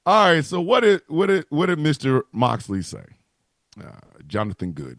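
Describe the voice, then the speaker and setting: A man riffing on a wrestling livestream, profane and playful, with a lively, swooping delivery. His voice comes through a desktop mic on a video call. The sound is dry, with no room around it. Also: on the high side, measured pace, pauses often, no echo. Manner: profane, joking, animated. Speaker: co-host of a wrestling talk livestream. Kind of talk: casual livestream banter.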